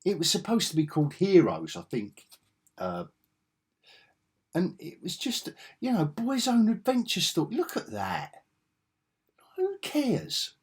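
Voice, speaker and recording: Man, 50s, husky voice, slow unhurried pace, rambling enthusiastic vlog monologue. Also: on the high side, huge pitch swings. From England. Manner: enthusiastic and rambling, with frequent restarts. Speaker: comics vlogger. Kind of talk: casual nostalgic monologue.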